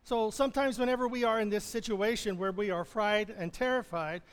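A man's voice: high-pitched, fairly quick, clear, resonant tone. A man preaching a sermon, chuckling often and acting out the lines he quotes. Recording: long reverb of a large hall.

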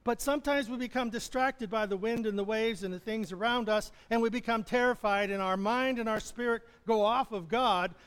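Brief: male preacher, high voice, chuckles through a sermon, long hall reverb. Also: normal speed, hardly any pauses, fairly bright tone, clean tone. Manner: chuckling often, acting out the quoted lines.

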